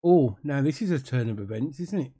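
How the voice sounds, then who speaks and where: A man's voice: medium pitch, animated, brisk, warm tone, husky. A British man giving casual, sarcastic commentary on an interview, dry and mocking, with many fillers. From United Kingdom.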